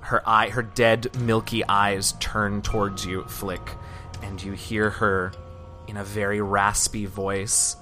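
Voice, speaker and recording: A man's voice: fairly low pitch, flat delivery, slow, pushed and bright. Game master, male, mid-range voice, narrates with small restarts over background music. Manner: descriptive, with hesitant restarts.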